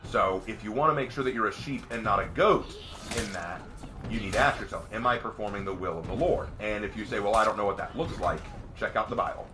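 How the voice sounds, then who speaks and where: A man streaming live, casually answering viewer questions at length, sometimes ranting with rising excitement and sometimes explaining earnestly with restarts. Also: on the low side, a little fast, music in the background. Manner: rants with rising, excited emphasis.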